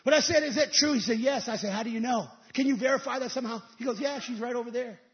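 High-voiced man preaching with shouted peaks. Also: fast, lo-fi sound. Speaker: evangelist. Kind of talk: sermon.

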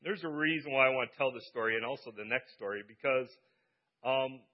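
A man's voice: mid-range voice, brisk. A man preaching a sermon. He reads a scripture passage aloud and stops often to explain it in plain, casual speech. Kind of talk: sermon reading scripture with asides. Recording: dull lo-fi sound.

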